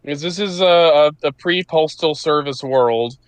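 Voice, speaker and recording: Smooth-voiced male game master. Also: a little high, unhurried, dry recording. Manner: easygoing, explains rules plainly. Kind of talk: running a tabletop game session.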